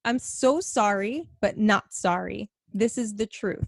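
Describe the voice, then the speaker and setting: A woman's voice: mid-range voice, a little slow, vocal fry, no echo, clean studio sound. A woman hosting her own podcast in a casual, bubbly chat, swearing freely and laughing often. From Middle Eastern. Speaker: podcast host. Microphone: home podcast microphone.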